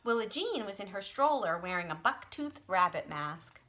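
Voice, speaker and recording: A woman tutor reading a children's storybook aloud in an expressive way. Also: medium pitch, normal speed. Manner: expressive, animated.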